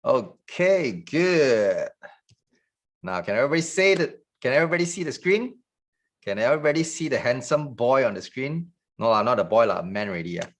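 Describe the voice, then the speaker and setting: A man giving an online sales training in a fast, joking, salesy patter. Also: medium pitch, lively intonation.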